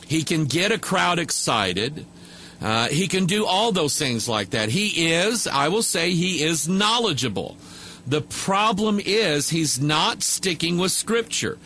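A man's voice: on the high side, sing-song, slow pace, sharp tone, slight background noise. A man preaching to a camera microphone, talking loosely with many fillers and restarts. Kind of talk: casual video commentary.

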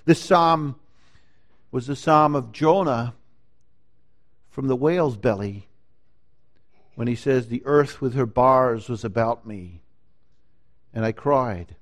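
Male pastor, sermon, unhurried delivery, emphatic swells and hushed drops. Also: mid-range voice.

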